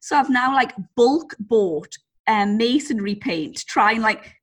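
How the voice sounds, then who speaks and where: A woman's voice: on the high side, expressive, a little slow, slightly rough. A woman co-hosting a podcast in casual chat, chatty and self-mocking, often giggling. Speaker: podcast co-host.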